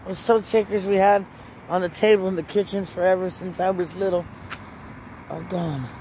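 A woman speaks by a truck outdoors, sharing a personal Christian testimony. Her delivery is earnest and emotional, building into pressing questions aimed at the listener. Traffic and outdoor noise run clearly underneath her voice. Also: fairly low pitch, fairly even intonation, normal speed, warm tone. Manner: emotional, earnest, rising into urgent rhetorical questions. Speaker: Christian vlogger. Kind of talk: personal faith testimony and preaching. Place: in or beside a parked truck outdoors.

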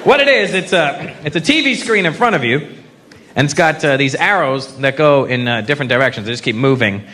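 A man's voice: a little high, lively intonation, brisk, sharp tone. A man doing a stand-up comedy set on stage, brash and profane, teasing the crowd. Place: comedy stage before a live audience. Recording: live stage mic with crowd noise.

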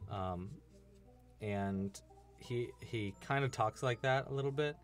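A man's voice: medium pitch, takes it slowly, faint music behind. Goofy Californian man chatting while crocheting. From Southern California. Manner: goofy, laughing, chatty with viewers, puts on silly voices. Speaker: crochet livestream host. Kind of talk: casual livestream chat while crocheting.

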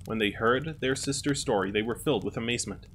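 A man calmly narrating a fairy tale as a storyteller. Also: mid-range voice, fast talker, slight background noise.

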